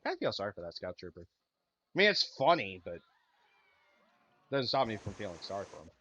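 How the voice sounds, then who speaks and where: A man's voice: lowish voice, very animated, moderate pace, bright, forceful tone. A man casually chatting while streaming a video game, rambling and losing his train of thought. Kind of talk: casual gameplay chat.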